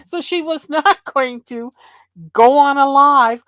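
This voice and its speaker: Woman, slow unhurried speech, casual chat, dry close sound. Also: high voice, fairly bright tone, no echo. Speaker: co-host of a commentary live stream.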